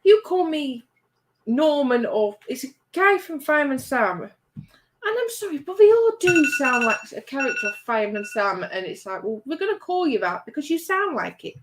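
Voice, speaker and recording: A woman's voice: high-pitched, big pitch swings, a little fast, noisy background. A woman co-hosting a casual livestream, chatting and reading out viewer comments with a teasing manner. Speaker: livestream co-host reading chat. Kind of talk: casual chat.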